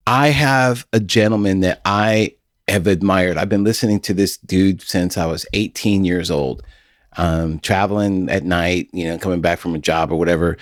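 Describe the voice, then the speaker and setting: A man's voice: sits low, moderate pace, no room sound, clean studio sound. A middle-aged man hosting a podcast, telling stories in a folksy, casual way and laughing often. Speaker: podcast host.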